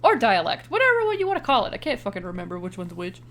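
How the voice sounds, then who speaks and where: A woman's voice: mid-range voice, wildly swooping pitch, racing, a bit bright, a little hiss or hum. A young woman co-hosting a podcast, chatting casually about a movie, swearing now and then and laughing often. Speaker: podcast co-host. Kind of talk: casual chat recapping a movie.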